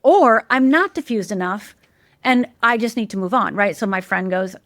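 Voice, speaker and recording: A woman speaking as a guest life coach in an animated interview, emphatic and teacherly, repeating key words and jumping high in pitch to mimic the people she quotes. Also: normal speed, dry recording, clean studio sound.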